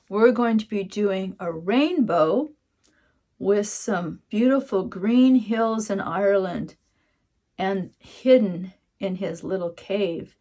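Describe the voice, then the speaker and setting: A woman teaching a children's watercolor painting lesson and telling a story in a gentle, soothing way. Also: mid-range voice. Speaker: art teacher.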